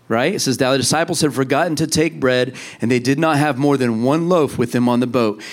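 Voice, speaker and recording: Man, pastor, conversational sermon, acts out quotes, slightly high voice.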